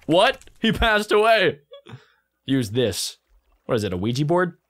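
Guy with a high voice doing reaction commentary, kinda slow and excitable, faint music behind. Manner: excitable, animated, playful. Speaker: YouTube reaction host.

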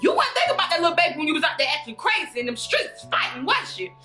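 A woman's voice: very high-pitched, very animated, very fast, sharp tone, faint music behind, pitched above the performer's own voice, full character voice. Woman putting on a sassy, scolding judge. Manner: bossy, drawling, mocking questions.

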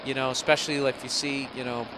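A man's voice: medium pitch, flat delivery, fast, background noise. A man hosting a podcast, ranting in a rambling, profane, sarcastic way from a hotel room on a single microphone. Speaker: podcast host. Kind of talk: rambling comedic podcast rant. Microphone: single microphone, no headphones.

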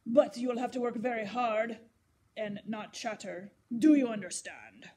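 A woman doing a gruff old painter. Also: on the high side, unhurried, mellow, natural voice. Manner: gruff, irritable. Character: gruff bad-tempered old male painter.

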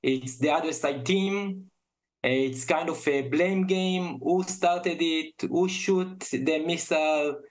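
A man in his forties with an Israeli accent, guest in an interview, tearful and halting, repeating words as he speaks with deep emotion. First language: Hebrew.

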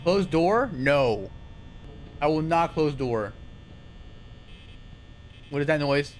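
A young man commentates his stream with a high, bouncing voice that leaps up and drops low again. He talks excitably, yelps and swears when startled, and whoops when things go his way. A faint noise floor sits behind him. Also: takes it slowly. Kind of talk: live gameplay commentary.

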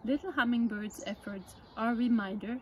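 A woman presenting children's books, reading a picture book aloud at story time in a gentle, measured way. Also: fairly high pitch, highs cut off, slight background noise.

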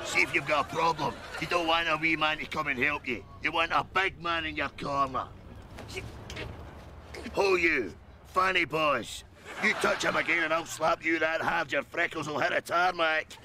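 A man's voice: on the high side, fairly even intonation, moderate pace, lightly acted. A man playing a swaggering Scottish big man. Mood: boastful. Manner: swaggering, crude, boasting. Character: boastful macho adult man, crude. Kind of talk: sketch comedy acting. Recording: loud hiss over TV audio.

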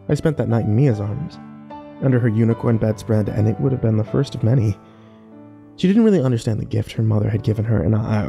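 A man narrating a first-person horror story slowly and wistfully, with small restarts. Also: medium pitch, vocal fry, warm tone.

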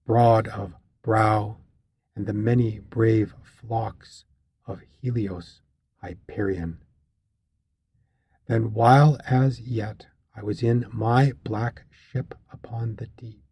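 A man narrating a classic epic for an audiobook, in a slow, measured, solemn reading with archaic phrasing. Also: fairly low pitch, warm tone, slightly rough.

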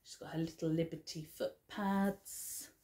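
A woman with a slightly low voice talks through her craft projects in an unhurried way. Her talk is chatty and fond, with plenty of fillers and little laughs, and she. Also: fairly even intonation, warm tone. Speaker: craft vlogger. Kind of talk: casual show-and-tell chat.

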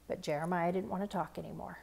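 A woman reading a children's picture book aloud in a measured, earnest narration. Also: lowish voice, steady tone, gravelly, darkish tone, slightly rough. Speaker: storybook reader.

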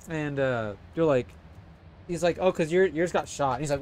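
A man's voice: a little high, expressive, fast talker, a little hiss or hum. A young man casually commentating a video game stream, rambling and swearing often.

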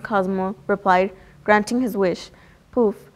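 Brief: woman storybook reader, mid-pitched, plain read-aloud with the odd stumble. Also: fairly even intonation, a little slow. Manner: plain read-aloud with small slips and restarts. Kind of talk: reading a children's picture book aloud.

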